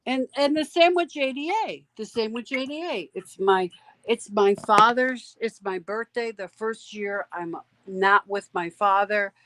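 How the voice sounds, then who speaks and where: A woman's voice: medium pitch, a little slow, a bit bright, no echo. An emphatic woman host speaks with plain indignation, often repeating herself to drive a point home. Her voice is recorded close and dry, with no room sound. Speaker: host of a commentary stream. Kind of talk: casual live commentary chat.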